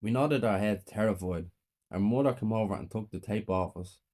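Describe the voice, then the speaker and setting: A man narrating a short first-person horror story in a plain, quiet way. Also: on the low side, normal speed.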